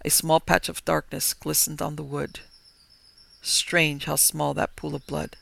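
Brief: male horror narrator, gravelly, slow and dramatic, dry close sound. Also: a little high, little pitch movement, fairly bright tone, no echo. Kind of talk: dramatic horror story reading.

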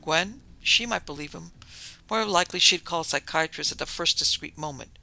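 A man reading a thriller story aloud in a measured, dramatic way. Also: on the high side, vocal fry, pushed and bright. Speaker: narrator. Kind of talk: scripted narration of a thriller story.

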